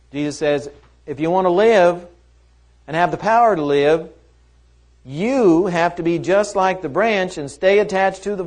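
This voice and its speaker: A man teaching a Bible lesson in a conversational way, often asking rhetorical questions. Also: fairly high pitch.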